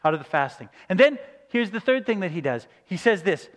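Man, high-pitched, preaching a sermon, conversational, long hall reverb. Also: very animated, a little fast. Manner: conversational, acts out quoted reactions. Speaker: pastor.

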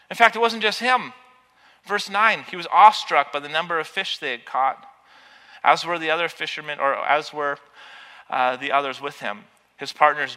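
Male preacher, high voice, very bright and forceful, sermon in a reverberant hall. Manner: impassioned, rising to near shouting at peaks. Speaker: pastor. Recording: long reverb of a large hall.

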